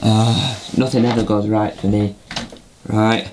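A man's voice: lowish voice, noisy background. A man voicing a fretful, put-upon puppet host who talks to himself and stumbles over names in a homemade puppet comedy.

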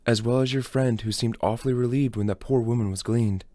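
A man voicing a calm, menacing young male vigilante in measured tones, in a fan audiobook reading. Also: medium pitch, no echo, natural voice.

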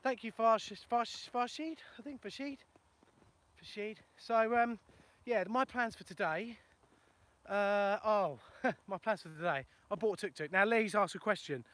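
A man's voice: sits high, unhurried, a bit bright. A plumber chatting casually on a live video while he walks across a field, joking about himself and answering viewers' questions. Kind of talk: casual live-stream chat while walking. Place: outdoors in a ploughed field in the countryside. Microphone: phone for a live video.

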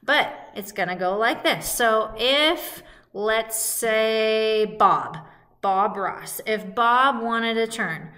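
A woman music teacher with a high, bright voice leads young children through cheerful call-and-response warm-ups. She talks slowly and patiently, recorded at home with faint music in the background.

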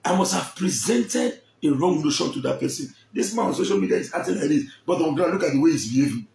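A man's voice: fairly high pitch, expressive, fast, vocal fry, a little mellow, roomy sound. A man with a Nigerian accent telling a personal story in a dramatic way, acting out the people he quotes.

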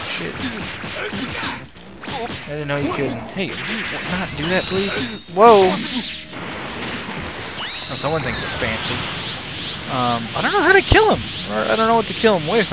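Excitable man over loud game music. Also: high-pitched. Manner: excitable, swears, rambles and jokes while playing. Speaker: let's play host. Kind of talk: casual gameplay commentary.

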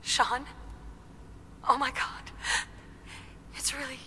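A woman's voice: sits high, little pitch movement, slow, bright, forceful tone, a little hiss or hum, heavily acted. An actress voicing a game heroine, a mother pleading and urgent as she searches for her lost son. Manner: pleading, urgent, sometimes whispered. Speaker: game protagonist.

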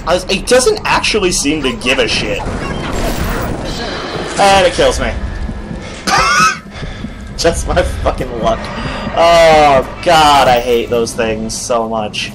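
A man playing a video game and commentating casually, excitable and swearing often. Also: mid-range voice, slow pace, pauses often, noisy background. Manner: profane, excitable, laughing often. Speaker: gamer. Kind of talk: let's-play commentary.

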